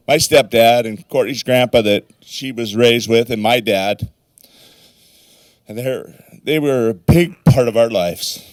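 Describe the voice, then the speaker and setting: A man's voice: mid-range voice, smooth, no room sound, studio quality. A middle-aged man, the father of the bride, giving a rambling, folksy wedding toast and getting choked up now and then. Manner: rambling folksy storytelling, swears casually; emotional, voice wavers near tears. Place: wedding reception.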